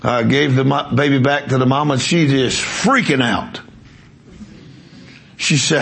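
A man's voice: medium pitch, measured pace, vocal fry, pauses often, fairly bright tone. A man preaching a sermon, telling a story with emphasis and quizzing the congregation. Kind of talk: sermon with testimony.

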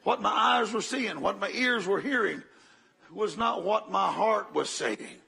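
An older man preaches with a gravelly, husky rasp. His voice sits high and bright for a man. He tells his story dramatically, jumping from loud bursts down to hushed murmurs. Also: unhurried. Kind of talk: sermon.

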